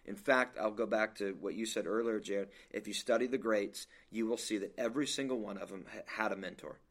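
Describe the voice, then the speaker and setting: Man, leadership coach, motivational, emphatic, lowish voice. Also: fairly quick. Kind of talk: casual podcast chat.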